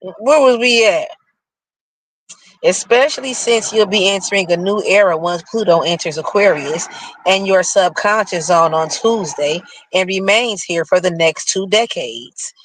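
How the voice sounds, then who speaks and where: A man with a New York accent reading horoscopes aloud and breaking into animated, slangy commentary in casual chat. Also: high voice, measured pace, no echo, low-quality recording.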